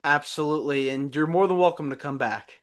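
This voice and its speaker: A man's voice: on the high side, fairly quick. A man hosting a podcast interview, giving short affirming replies and a formal sign-off. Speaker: podcast host.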